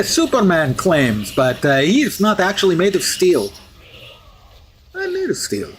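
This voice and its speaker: In a high-leaning, heavily acted voice, a man fakes a Russian accent to play a boastful male mutant hero with steel skin during in-character game commentary. He speaks in formal phrases that drop articles and praise himself grandly.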